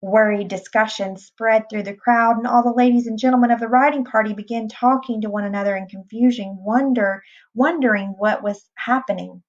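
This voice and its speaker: A woman reading a novel aloud in a plain, unhurried way, with small restarts. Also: fairly high pitch, steady tone. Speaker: reader. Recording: dull lo-fi recording.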